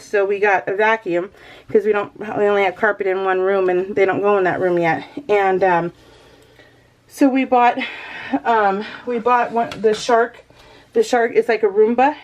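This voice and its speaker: A woman vlogging at home in a casual, rambling chat, often breaking into laughter. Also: mid-range voice. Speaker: crafting vlogger.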